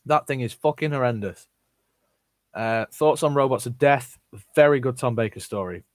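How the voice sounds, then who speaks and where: A man's voice: mid-range voice, moderate pace, dry recording. A young man reading out viewer questions and giving blunt, sweary verdicts in a casual Q&A. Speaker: YouTuber answering viewer questions.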